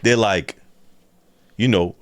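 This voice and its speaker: A man telling a profane, animated story in casual conversation, acting out the other voices in it. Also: lowish voice, slow, no echo, clean studio sound. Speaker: guest.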